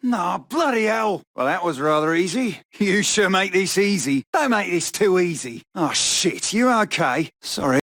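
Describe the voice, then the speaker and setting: Brawler, British accent, young punk, brash, taunting, bouncy pitch, dry sound. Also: male voice, lively intonation, measured pace, hardly any pauses, a bit bright, no room sound, exaggerated voice. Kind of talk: fighting game voice lines.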